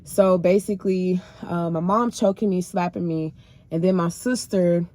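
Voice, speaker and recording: A woman recounts her faith journey in an emotional, colloquial way, calling her listeners "y'all". Her voice sits fairly low, and the recording is dry and close, with no room sound. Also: steady tone, moderate pace, dark tone, dry recording. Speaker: person sharing her faith testimony. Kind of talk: casual personal storytelling.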